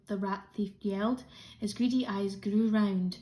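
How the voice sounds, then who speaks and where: A Scottish woman, a primary school teacher, reading a rhyming storybook aloud with a lively rhythm. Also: medium pitch, a little slow. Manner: expressive rhythmic read-aloud.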